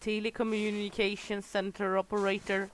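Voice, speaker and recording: A woman's voice: medium pitch, flat delivery, normal speed, slight background noise. A woman streamer chatting casually with viewers while playing a game, teasing regulars by name. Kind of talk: casual livestream chat with viewers.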